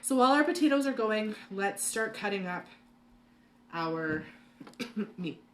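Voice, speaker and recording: A woman's voice: medium pitch, expressive, a little slow, a little hiss or hum. A woman hosting a live cooking class from her home kitchen, chatting and rambling with lots of fillers and laughs. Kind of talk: live cooking demo chat.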